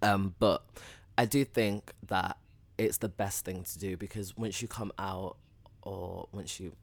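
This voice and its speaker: A young man talks in a loose, chatty way, padding his sentences with "like" and "literally". His voice sits very low and deep. He sounds like an open, easygoing podcast guest. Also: fairly even intonation, a little slow, gravelly, no echo. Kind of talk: casual chat.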